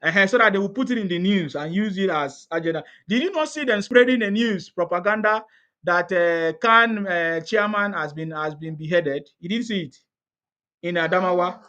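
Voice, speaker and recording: A man's voice: high voice, moderate pace, pushed and bright, muffled recording. A man with a Nigerian accent in casual political chat, laughing often, repeating himself and asking rhetorical questions.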